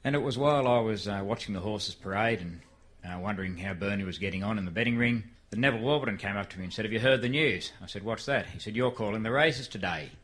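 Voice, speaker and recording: Older Aussie storyteller, bright-voiced, relaxed folksy delivery on stage. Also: male voice, lowish voice, fast. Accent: Australian. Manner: folksy, shifts into a frantic shouted race call. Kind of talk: live storytelling to an audience. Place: live venue before an audience.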